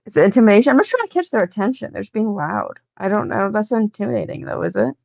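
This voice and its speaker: A woman's voice: mid-range voice, big pitch swings, fast talker, gravelly, a little mellow, dry recording. Woman player, casual chat, lots of likes, dry close sound, a bit dull and lo-fi. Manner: chatty, many likes.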